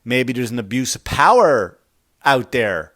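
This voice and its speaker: A man's voice: medium pitch, lively intonation, unhurried, fairly bright tone. A male comedian hosting a podcast, telling a rambling, profane story in a comedic monologue.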